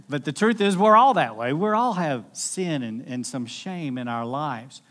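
Animated man preaching a sermon. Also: fairly high pitch, normal speed, hardly any pauses. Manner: animated storytelling, acting out voices from scripture. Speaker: pastor.

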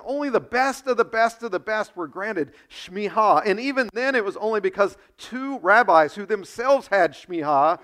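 A man preaching a sermon, animated, with quick asides to his listeners and acted quotes. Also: high voice. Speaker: pastor.

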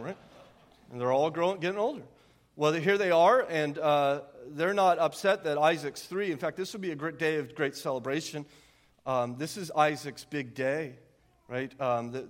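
A middle-aged man preaching a sermon as a pastor, animated and fond of rhetorical tag questions. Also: fairly high pitch. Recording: long hall reverb.

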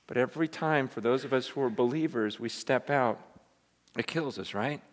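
A male pastor preaching a sermon in a church, self-deprecating and animated, often repeating words as he goes. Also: medium pitch, a little fast. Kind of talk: sermon with a joke. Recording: long church reverb.

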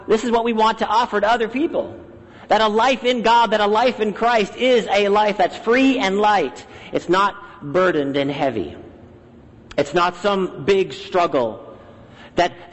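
A man with a high voice preaches to his congregation, lively and animated, sometimes slipping into the voices he quotes. His words ring out with a long reverb from the church hall around him. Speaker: pastor. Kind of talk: sermon. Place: church sanctuary.

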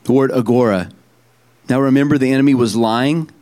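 A middle-aged man preaching a sermon in an easy, chatty manner. His voice sits at an ordinary pitch. He breaks off, restarts and tosses asides to the congregation as he goes. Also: brisk, darkish tone. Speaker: pastor.

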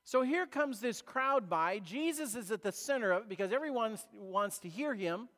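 A man preaching a sermon as a pastor, retelling a story in a conversational way with dramatic pauses. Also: sits high, animated, sharp tone. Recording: long reverb of a large hall.

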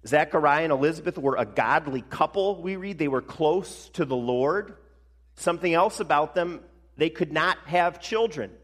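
A male pastor preaching a sermon in a conversational way, slowing down for emphasis. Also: a little high, expressive, a bit bright. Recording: long reverb of a large hall.

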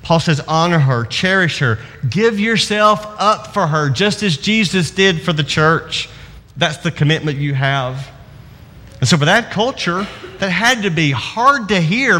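A man's voice: sits high, bright, forceful tone. Preacher man in a reverberant hall. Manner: storytelling, slows down for emphasis. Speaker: pastor. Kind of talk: sermon.

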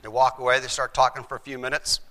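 A man's voice: mid-range voice, flat delivery, fast talker, sharp tone. A middle-aged man, a former chaplain, telling his faith testimony in an earnest storytelling way and acting out the voices in his story.

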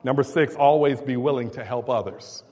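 A man preaching a sermon with call and response, dropping low and quiet, then building up to shouting. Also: normal speed. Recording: long hall reverb.

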